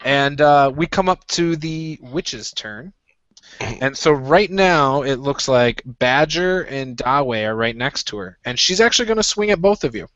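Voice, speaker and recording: A man running a tabletop game as game master, narrating in a relaxed, chatty way with frequent fillers. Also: mid-range voice, a little slow, dry recording, dull audio.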